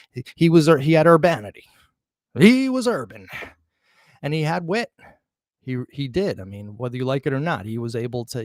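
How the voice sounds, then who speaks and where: The host of a true crime commentary channel, a man with a mid-range voice, is heard in a dry, studio-quality recording. He reads from letters and mocks those who criticize him, chuckling and restarting along the way.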